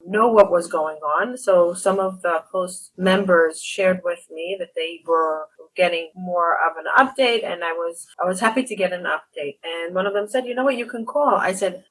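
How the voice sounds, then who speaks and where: A woman's voice: on the low side, normal speed, few pauses, poor audio. A woman hosting an interview, telling a story earnestly and with animation, acting out what others said. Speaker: podcast host. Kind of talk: emotional interview conversation.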